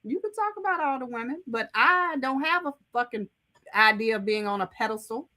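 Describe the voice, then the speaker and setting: A woman on a talk-show panel argues bluntly and holds her ground with profanity. Her voice sits a little high and sounds bright and forceful. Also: lively intonation, fairly quick. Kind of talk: heated panel discussion.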